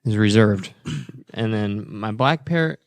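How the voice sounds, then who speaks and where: A man co-hosting a podcast and chairing a campaign, speaking in a low-key, matter-of-fact way. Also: lively intonation, slow pace, no echo. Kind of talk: casual podcast banter.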